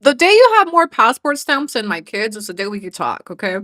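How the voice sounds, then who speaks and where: Profane, mocking woman streamer, bright and dry. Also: fairly high pitch, sing-song, a little fast, dry recording. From Mexico. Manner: profane, mocking, laughing often. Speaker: commentary streamer. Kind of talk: live reaction commentary.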